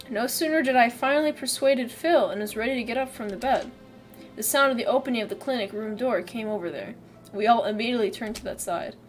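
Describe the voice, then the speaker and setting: Woman streamer, reads a game aloud, higher voice, chatty, giggles, soft music under. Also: fast talker. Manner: giggly, chatty, self-mocking.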